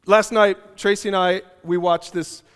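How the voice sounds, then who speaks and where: Male pastor, high voice, animated and joking, conversational sermon, hall reverb. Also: unhurried, clean tone. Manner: animated storytelling with humor, repeats key phrases. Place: church auditorium.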